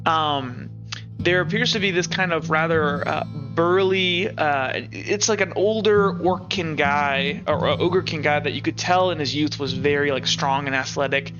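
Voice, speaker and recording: A man's voice: a little high, moderate pace, muffled recording, music in the background. A man narrating as game master of a tabletop game in a casual, rambling way.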